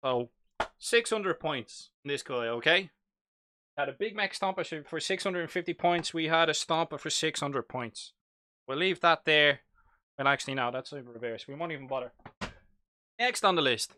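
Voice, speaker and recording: A man's voice: fairly high pitch, normal speed, pushed and bright, a little hiss or hum. A young man with a Dublin accent, chatting casually and jokily while hosting a live hobby stream. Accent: Irish, Dublin. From Ireland. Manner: chatty, jokey, reads chat aloud.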